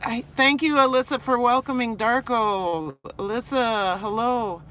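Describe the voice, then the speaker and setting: A tired woman who teaches high school talks through a rough day in a live vlog, halting and restarting as she reads comments. Her voice is bright and clear. Faint traffic noise sits behind her in the car. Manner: emotional, earnest, halting with restarts. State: worn out after crying. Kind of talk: live-stream vlog, reading chat.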